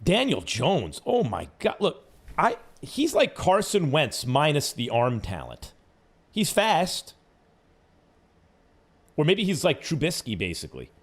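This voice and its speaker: A man's voice: fairly high pitch, unhurried, long pauses, husky. A man hosting sports talk radio, arguing his points with mocking asides in a studio. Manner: animated, argumentative, mocking asides.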